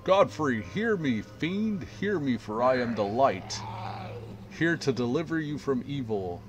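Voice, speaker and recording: A man's voice: mid-range voice, sing-song, measured pace, music in the background. A man voicing a zealous male holy inquisitor, reading threats in a theatrical, menacing, sermon-like way. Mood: stern.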